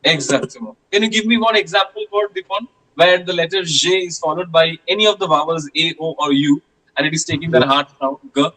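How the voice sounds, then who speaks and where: A man's voice: on the high side, fairly quick, sharp tone, low-quality recording. A man teaching a French class, patiently repeating questions and sounds with many hesitations.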